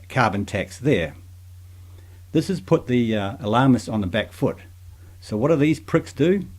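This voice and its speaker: A man's voice: lowish voice, a little mellow. A man hosting his own commentary channel, ranting bluntly and with scorn, calling his listeners folks. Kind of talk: opinion rant to camera.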